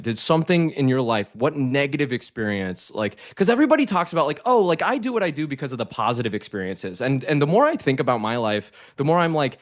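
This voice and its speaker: A man hosting a podcast interview, asking questions in a casual, rambling way with lots of fillers. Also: medium pitch. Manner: rambling, many fillers and restarts. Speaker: podcast host.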